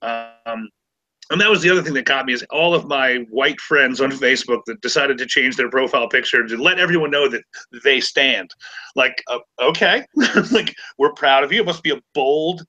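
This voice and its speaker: A man's voice: mid-range voice, expressive, normal speed, bright, forceful tone, muffled recording. A man in his forties, hosting a podcast, telling stories with sarcasm and plenty of stammered restarts. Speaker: podcast host. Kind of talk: casual chat.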